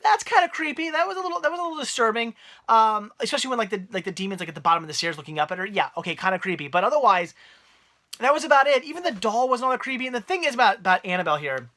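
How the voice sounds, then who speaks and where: A young man and parent giving a rambling, animated movie review rant, full of restarts. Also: high-pitched, rapid-fire.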